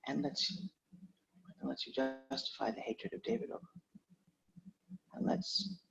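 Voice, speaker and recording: A man rehearsing script lines aloud, repeating each line in a gentle counseling tone. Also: medium pitch, lively intonation, unhurried, vocal fry, music in the background. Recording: dull lo-fi recording, faint background noise.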